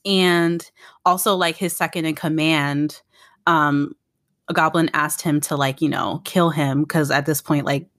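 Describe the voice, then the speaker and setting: A woman co-host talks through favorite scenes in a rambling, heartfelt, casual way. Her voice sits on the low side and sounds dry and close. Her tone stays easygoing and chatty. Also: steady tone, unhurried, fairly bright tone, dry recording. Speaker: podcast co-host. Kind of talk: casual chat recapping a drama.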